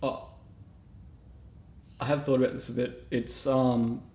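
A man's voice: medium pitch, little pitch movement, a little slow, warm tone. Rambling Australian man in a roomy room. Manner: rambling, self-deprecating, restarts often. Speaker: knife maker guest. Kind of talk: casual podcast chat.

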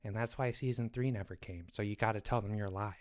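A woman voicing Jeffrey, a scatterbrained, excitable young boy who rambles as a comedy podcast co-host. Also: extremely low pitch, quick pace. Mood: curious. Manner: scatterbrained, rambling, easily sidetracked.

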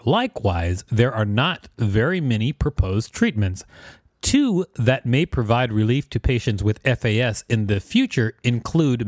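Joking man with a lively voice. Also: no echo, studio quality. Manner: jokey, reads aloud with playful pitch swings. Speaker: podcast co-host. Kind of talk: casual podcast reading and chat.

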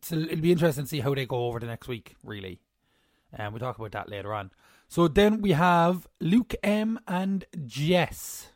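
A man's voice: fairly high pitch, lively intonation, moderate pace, no echo. Podcast guy, jokey, swears a bit, dry close audio. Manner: joking, opinionated, swears casually. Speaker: podcast co-host. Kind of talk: casual chat about a reality show.

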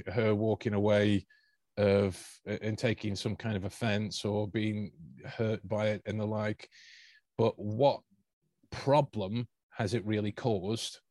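A man hosting a podcast in casual chat, talking in halting bursts with many restarts and chuckles. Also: lowish voice, dry recording. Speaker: podcast host.

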